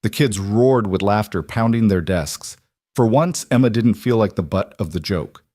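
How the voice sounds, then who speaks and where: A man narrating a scripted story in a steady, measured way. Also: fairly low pitch, no echo, studio quality.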